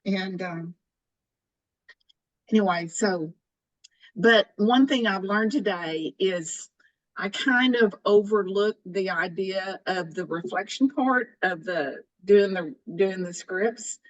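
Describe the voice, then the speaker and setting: A woman in her sixties talks slowly and haltingly, often starting over mid-thought. Her pitch sits in a middle range for a woman. She sounds candid and personal, sharing her own story with a small group. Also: lo-fi sound. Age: 60s. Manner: halting, with many restarts and fillers.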